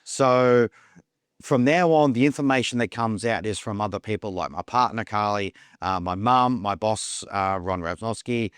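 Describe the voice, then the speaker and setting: A man's voice: fairly low pitch, clean tone, dry recording, studio quality. Rambling man telling his story. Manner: rambling, repeats words, acts out quoted dialogue. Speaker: podcast guest. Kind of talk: casual storytelling.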